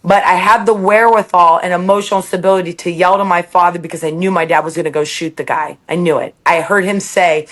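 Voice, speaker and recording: A woman's voice: on the low side, fairly even intonation, fast, few pauses. Candid woman guest on a podcast. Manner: reflective, laughs between thoughts; quotes her own self-talk in the moment. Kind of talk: candid interview talk.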